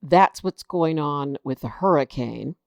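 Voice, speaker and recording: A woman's voice: deep voice, animated, measured pace, creaky, darkish tone, dry recording, studio quality. A woman hosting her own political commentary show, reading headlines aloud and reacting with indignant, exasperated disbelief. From United States.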